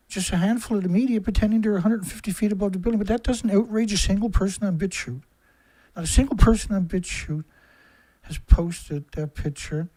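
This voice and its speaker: A man delivering an angry, profane monologue to camera, firing rhetorical questions that build from low and subdued to loud shouting. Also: dry recording, low-quality recording. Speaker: environmentalist video commentator.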